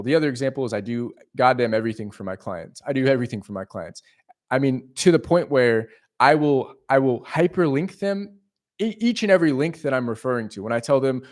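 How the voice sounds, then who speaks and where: A man with a slightly high voice talks straight to his live stream audience. He is emphatic and swears freely, and he restarts and repeats himself as he pushes his point. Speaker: leasing agent and live streamer. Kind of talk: casual live stream monologue.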